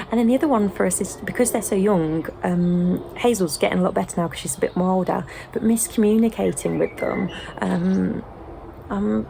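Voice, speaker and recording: A young British woman, a home-educating mum, chatting casually and gently with frequent ums. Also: mid-range voice, vocal fry, slight background noise. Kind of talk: sit-down casual chat.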